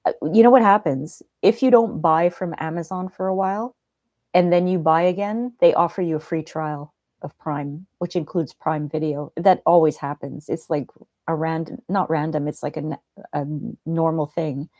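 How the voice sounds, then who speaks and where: A woman hosting a livestream, chatting gently and laughing easily as she reads out viewers' comments. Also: low voice, moderate pace, dry recording, lo-fi sound. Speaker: livestream host. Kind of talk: casual livestream chat reading viewer comments. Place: at home.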